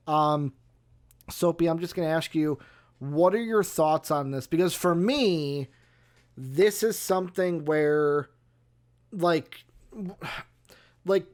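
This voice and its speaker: A man's voice: a little high, a little mellow. A young man hosting a casual sports talk stream, speaking hesitantly with many fillers. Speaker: host.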